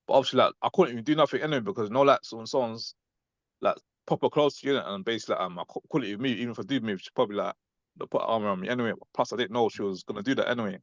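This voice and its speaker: Rambling young British man, fast and lo-fi. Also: fairly low pitch, no room sound. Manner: rambling, filler-heavy, ends lines with "innit". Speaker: class member recounting an encounter. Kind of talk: casual call chat. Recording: dull lo-fi audio.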